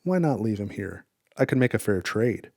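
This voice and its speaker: A man voicing a cruel male shadow creature, read aloud quietly from a game book with low menace. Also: lively intonation, moderate pace, dry recording, clean studio sound. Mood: mocking menace. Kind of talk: reading a storybook game aloud.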